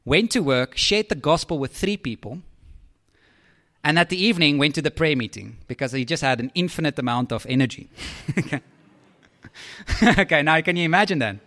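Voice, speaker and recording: A man preaching a sermon in a lively, conversational way, with asides to his listeners. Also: on the high side, moderate pace, long pauses.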